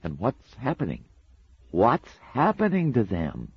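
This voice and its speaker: A man's voice: deep voice, very animated, measured pace, husky, no echo, dull audio, voice pushed up, exaggerated voice. A man voicing an anxious, earnest young man who talks eagerly and in a fluster, in a storybook reading.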